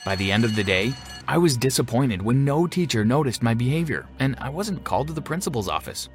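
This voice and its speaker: A man reading a first-person story aloud in a steady, even narration. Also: medium pitch, a little fast, faint music behind.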